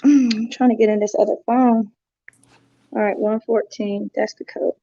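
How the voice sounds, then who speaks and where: Flat-voiced woman hosting a livestream. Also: a little high, moderate pace, lo-fi sound. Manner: distracted, talking while working her phone. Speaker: livestream host. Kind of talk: casual livestream chat.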